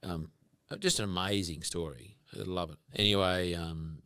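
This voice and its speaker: An Australian man telling animated stories and sometimes swearing as a podcast guest. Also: low-pitched, moderate pace, clear, resonant tone, no echo. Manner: animated storyteller, casual swearing. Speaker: guest farmer. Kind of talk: casual podcast conversation.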